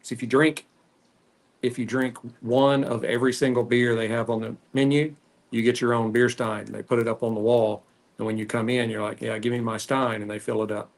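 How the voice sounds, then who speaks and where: A man with a Texan country drawl talks through his cigar podcast in an unhurried, rambling way. His voice has a gravelly, fry-laden edge and sits in a middle pitch, and he drifts between topics with frequent filler pauses. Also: level tone. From Texas. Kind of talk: casual solo chat while smoking.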